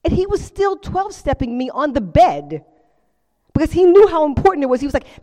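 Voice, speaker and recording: A middle-aged woman giving a personal testimony to a recovery group, telling her story in an animated way with acted-out quotes and frequent laughter. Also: high voice, a little fast. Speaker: speaker sharing at a recovery meeting. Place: meeting room with audience. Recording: reverberant meeting hall.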